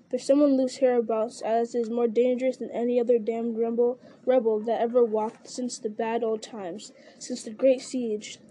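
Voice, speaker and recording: A woman's voice: on the high side, mellow, a little hiss or hum, lightly acted. A woman voicing a mocking, suspicious male orc captain who sneers and jeers at his rival in an audiobook reading.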